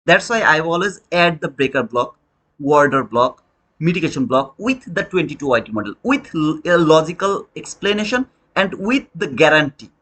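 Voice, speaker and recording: A man's voice: fairly high pitch, very animated, moderate pace, fairly bright tone. A man teaching trading in a preachy, repetitive way, often calling the listener brother, speaking English as a second language. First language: Bengali. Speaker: trading educator. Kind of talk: motivational lecture.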